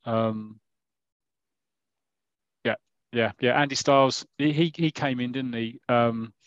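A man's voice: mid-range voice, takes it slowly, no room sound, lo-fi sound. A man co-hosting a casual podcast, rambling and teasing his friends. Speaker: podcast co-host.

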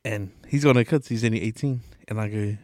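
A man's voice: lowish voice, fairly quick, a little mellow, no echo. Podcast co-host, man, casual storyteller, swears a lot, dry close sound. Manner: swears freely, tells stories acting out quotes. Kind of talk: casual chat.

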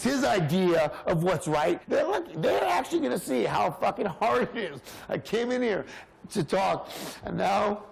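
This is an entitled, self-pitying rapper in a film scene, scolding the friend who helps him. His voice sits high and comes out raspy and gravelly. He keeps up a steady, abrasive rant full of curses. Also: full character voice, low-quality recording.

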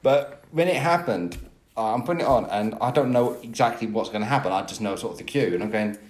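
A man's voice: medium pitch, fast, a little mellow. A man co-hosting a podcast, rambling and swearing with laughs in casual banter. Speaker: podcast co-host, sound and light technician. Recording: echoey room.

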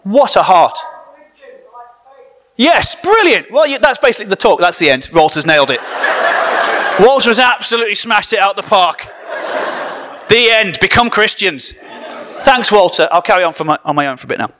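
Bright, lively-voiced man preaching with comedy. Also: high-pitched, normal speed, pauses often. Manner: animated, joking, banters with the audience. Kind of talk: comedic sermon to a live audience.

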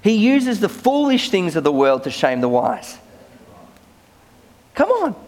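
Pastor preaching in a high, lively voice. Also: male voice, measured pace. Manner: conversational, repeats words when starting sentences. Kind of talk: sermon.

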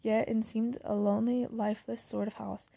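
A woman reading a classic novel aloud at a steady pace, now and then restarting a phrase. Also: a little high, normal speed, gravelly, breathy edge, no room sound. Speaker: audiobook reader.

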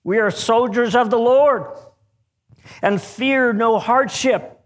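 Guy doing the soldiers, steady and defiant, respectful, not much acting. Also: fairly high pitch, measured pace. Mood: fervent. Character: group of resolute Christian soldiers, men.

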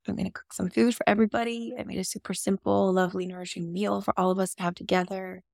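A woman with a lowish, gravelly voice opens up on a podcast about her own experience. She talks casually and emotionally and swears now and then. The sound is dry and close. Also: dry recording. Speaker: podcast guest. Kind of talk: candid personal storytelling.

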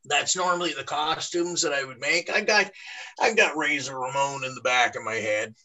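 A man's voice: fairly high pitch, normal speed, sharp tone, low-quality recording. A man being interviewed as a podcast guest, talking openly and often restarting his sentences. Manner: earnest, stammering restarts. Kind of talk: candid podcast conversation.

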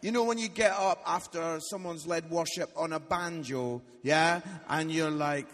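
A man's voice: on the high side, measured pace, fairly bright tone. A Scottish man in his forties, a guest preacher telling funny stories in a live church sermon, often tagging lines with "yeah?". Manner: jokey, tags lines with "yeah?", acts out quotes. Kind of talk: humorous storytelling sermon. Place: church hall, live audience. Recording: live church hall with long reverb.

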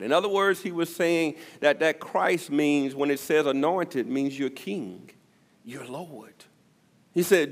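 A male pastor preaching a sermon, his delivery swinging from loud emphasis to near-whispers. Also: a little high. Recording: long reverb of a church hall.

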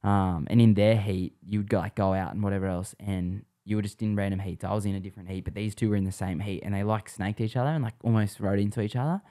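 Aussie bloke, young, low-voiced, laid-back guest spinning slangy yarns. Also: male voice, fairly even intonation, quick pace, few pauses, dark tone. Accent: Australian. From Australia. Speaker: podcast guest. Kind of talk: casual storytelling chat.

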